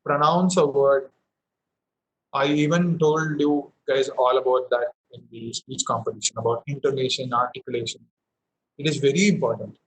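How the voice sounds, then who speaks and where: A man's voice: mid-range voice, a little hiss or hum, low-quality recording. A young man from India teaching a public speaking session over a headset, explaining with frequent fillers and restarts. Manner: explanatory, many fillers and restarts, demonstrates emphasis. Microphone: headphones with mic.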